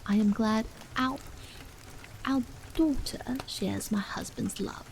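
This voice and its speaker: A woman voicing an anxious, strained wife and mother in whispered role-play, low and trembling. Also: takes it slowly, gravelly, a little mellow, slight background noise, poor audio.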